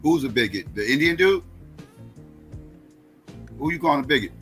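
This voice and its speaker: A man hosts a heated livestream call-in, blunt and mocking and quick to laugh at his callers. His voice sounds bright and forceful at an ordinary pitch. Faint music plays underneath. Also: expressive. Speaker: livestream panel host.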